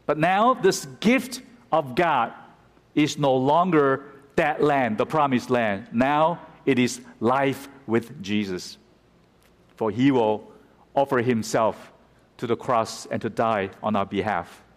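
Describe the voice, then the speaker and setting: A man's voice: medium pitch, slow pace. A man preaching a sermon who explains scripture and turns dramatic when he quotes it. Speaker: pastor. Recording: reverberant hall.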